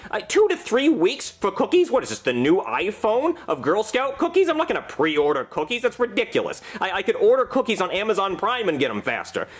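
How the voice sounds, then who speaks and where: Boastful, violent cop; lively, rambling delivery. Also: male voice, very high-pitched, heavily acted. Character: brash, violent male police officer.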